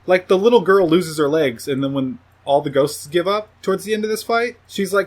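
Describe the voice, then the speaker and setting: At a moderate pace with few pauses, a man summarizes a film's plot on his review podcast. He keeps it casual and profane, now and then doing the characters in a higher voice.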